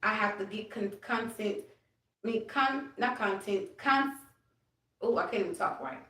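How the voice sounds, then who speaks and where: A woman's voice: a little high, a little slow, recorded from a distance. Woman chatting live in a roomy space. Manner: animated, talks to her late grandfather and viewers. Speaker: livestreamer. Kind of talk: casual live chat. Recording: roomy, off-mic phone audio.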